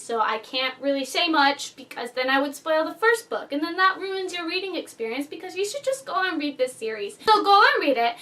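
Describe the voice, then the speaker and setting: A woman with a very high, bright voice reviews a novel in casual vlog chatter. She gushes with animated, fangirl enthusiasm. Her voice sounds a little distant from the microphone. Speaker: book reviewer.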